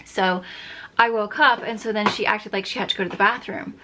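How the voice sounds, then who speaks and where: A woman in her thirties chats through a story as she does her makeup, her voice bright and clear. She fills her talk with "like" and often drops to a hushed, almost whispered tone before coming back up. Her pitch sits in a plain middle range. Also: steady tone, brisk. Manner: chatty, lots of "like", drops to a near whisper at times. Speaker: beauty vlogger. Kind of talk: casual storytime while doing makeup.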